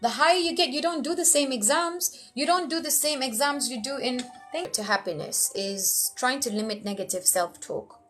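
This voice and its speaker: Brief: higher-pitched woman emcee, blunt and lively motivational talk, soft music under. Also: normal speed, few pauses. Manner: animated, acts out quoted voices; frank, blunt, lightly profane. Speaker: emcee giving life tips.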